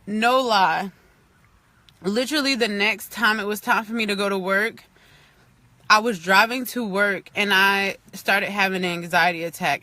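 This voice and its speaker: A woman's voice: medium pitch, bright, forceful tone, no room sound. A woman vlogger telling a personal faith testimony in a chatty way, full of "like" and "you know," earnest and at times near tears. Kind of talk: casual testimony on a livestream.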